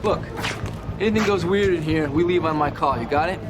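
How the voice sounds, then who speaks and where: A man's voice: on the high side, brisk, natural voice. An actor playing a male police detective who talks in clipped, sarcastic orders. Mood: wry. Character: male detective, pushy and wry. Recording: TV drama audio with music.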